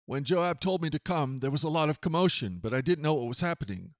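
Eager young messenger, voiced by a man, pleading, earnest, higher voice, dry sound. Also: lively intonation, fast, no echo. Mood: explaining.

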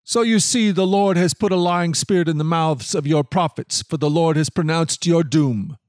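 A man's voice: on the high side, moderate pace, darkish tone, no echo, clean studio sound, voice pushed up, natural voice. A man voicing a stern, unyielding prophet in a scripted Bible reading, solemn and firm.

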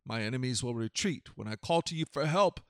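A man reading scripture aloud in measured, earnest scripted narration. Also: mid-range voice, lively intonation, no echo, clean studio sound. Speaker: scripture reader.

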